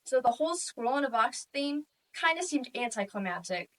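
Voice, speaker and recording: A woman's voice: high voice, brisk. Wry woman telling a comic story. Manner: wry, deadpan comic narration. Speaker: student competitor. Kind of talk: humorous interpretation storytelling. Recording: voice distant from the mic.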